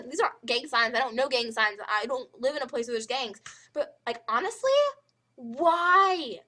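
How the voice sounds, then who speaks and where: High-pitched teen girl vlogger with a lively, swooping delivery, ranting emphatically to camera. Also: normal speed, background noise. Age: teens. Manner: animated, emphatic, full of "like" fillers. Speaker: high school student vlogger.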